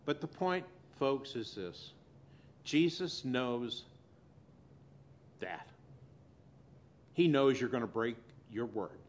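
A man preaching a sermon as pastor, swinging between loud emphasis and quiet, soft asides. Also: mid-range voice, expressive, slow, long pauses.

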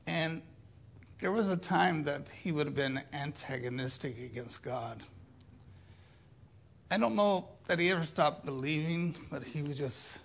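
Slow, gravelly older preacher. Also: male voice, on the high side, expressive. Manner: slow, deliberate, dropping to quiet asides. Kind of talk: sermon.

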